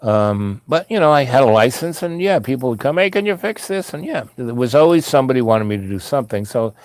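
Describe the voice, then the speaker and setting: A man spins a long, wandering personal story, circling back with frequent asides and restarts. His voice sits at an ordinary middle pitch, and the recording is dry and close, with no room sound. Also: lively intonation, fast, a little mellow, dry recording. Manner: loose, meandering, full of "you know" asides. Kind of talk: rambling personal anecdote.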